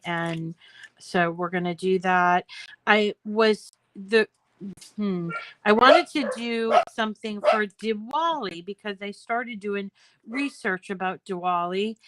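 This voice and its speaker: A woman's voice: medium pitch, fairly bright tone, clean tone, no room sound, low-quality recording. An older woman hosting a crafting video, chatting in a rambling, self-deprecating way while she works. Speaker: crafting channel host. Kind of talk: casual crafting tutorial chat.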